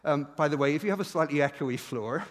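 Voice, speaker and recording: A man with a noticeably high voice preaches to his congregation, animated and self-deprecating, often restarting his sentences. He has a noticeable regional accent. His words ring out with a long reverb through a church hall. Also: quick pace. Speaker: pastor. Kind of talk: sermon.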